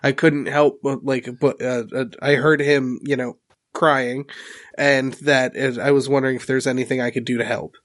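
A man's voice: medium pitch, level tone, moderate pace, a bit bright. A man playing a tabletop role-play game, speaking politely and hesitantly, often stumbling over his words. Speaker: player.

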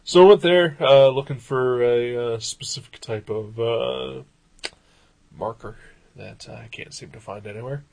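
A man in casual chat, rambling through a story with many pauses and fillers. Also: medium pitch, vocal fry, darkish tone, rough recording.

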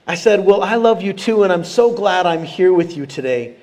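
A man preaching a sermon as pastor, animated and calling out questions to the congregation. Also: high-pitched, moderate pace, hardly any pauses. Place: church sanctuary.

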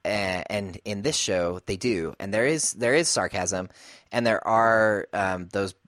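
A man's voice: fairly low pitch, a little slow, a bit bright, dry recording. A man co-hosting a podcast, talking things through thoughtfully and often laughing as he searches for words. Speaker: podcast co-host. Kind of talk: casual chat.

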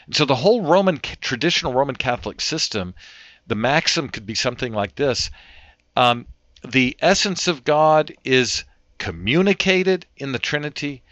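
Male guest, emphatic lecturer, lively pitch, dull lo-fi recording. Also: normal speed, no echo. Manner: emphatic, lecturing, repeats words when restarting. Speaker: theologian guest. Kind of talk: theological discussion.

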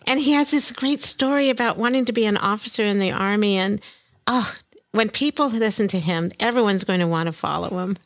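An older woman hosting a podcast, bubbly and quick to laugh as she chats casually. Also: mid-range voice. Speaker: podcast host.

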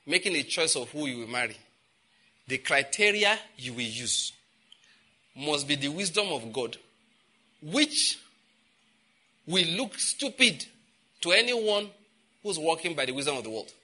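Nigerian male preacher, fairly high pitched, cutting, emphatic sermon delivery with repeated refrains. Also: big pitch swings, normal speed, pauses often. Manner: emphatic, repeating phrases, with sudden loud outbursts; slips into pidgin asides.

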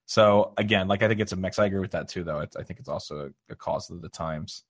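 A man's voice: low voice, quick pace, no room sound, clean studio sound. A man co-hosting a gaming podcast in casual chat. He is blunt and cynical and swears casually. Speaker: podcast co-host.

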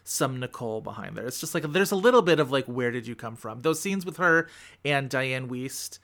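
A man's voice: mid-range voice, expressive, normal speed, fairly bright tone. A man hosting a film podcast in casual chat, talking loosely with lots of fillers and easy laughs. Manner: chatty, lots of "like", laughs easily. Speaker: podcast host.

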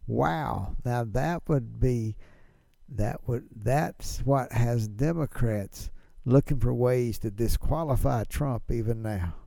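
Male host, gravelly and dark-toned, chatty political commentary, dry close sound. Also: medium pitch, slow pace, no echo. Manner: chatty, rhetorical questions, chuckling. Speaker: podcast host.

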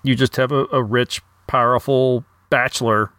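A man's voice: medium pitch, steady tone, moderate pace, a bit bright, no room sound. A man co-hosting a casual film discussion, speaking tentatively and hedging his opinions. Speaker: podcast co-host.

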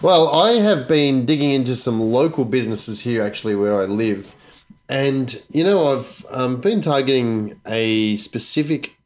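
A man co-hosting a podcast, chatting casually and explaining his work in a relaxed way. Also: mid-range voice, measured pace. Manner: brief reactions, then relaxed explaining. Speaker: podcast co-host. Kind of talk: casual chat.

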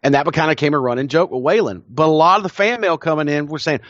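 A man's voice: a little high, fast, hardly any pauses, fairly bright tone, no room sound. This is a man with a Southern American accent co-hosting a casual podcast. He tells stories with gusto and laughs easily. His voice is dry and slightly muffled, as if on a modest home mic. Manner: enthusiastic storyteller, laughs often. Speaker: podcast co-host. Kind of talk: casual chat.

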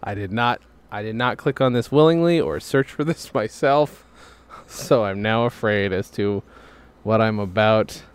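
A man's voice: on the low side, a little slow, clean tone. A man co-hosting a podcast, joking and laughing in casual comedic chat at a desk microphone. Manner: joking, animated, laughs often. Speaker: podcast co-host.

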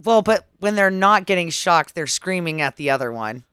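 Brief: lively female podcast co-host, laid-back jokes, dry close mic. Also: lowish voice, moderate pace, clear, resonant tone, no room sound. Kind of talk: casual movie-recap chat.

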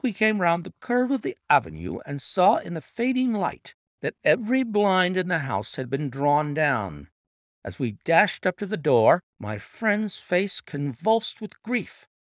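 A man narrates a classic short story with expressive, dramatic reading. His voice has a gravelly texture and moves widely in pitch. The recording is dry and close. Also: a little slow, no room sound. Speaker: audiobook reader. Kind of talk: scripted narration.

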